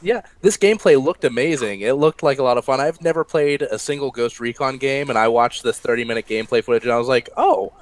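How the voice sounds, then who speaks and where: A man co-hosting a gaming podcast, skeptical and drawing out his stories. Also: medium pitch. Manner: skeptical, drawn-out storytelling. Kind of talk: casual chat.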